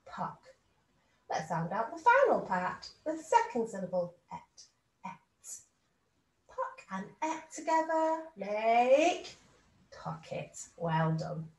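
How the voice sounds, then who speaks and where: A woman teaching a phonics lesson to young children, speaking slowly and clearly in a sing-song teacher voice. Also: mid-range voice, roomy sound, rough recording. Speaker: reception class teacher.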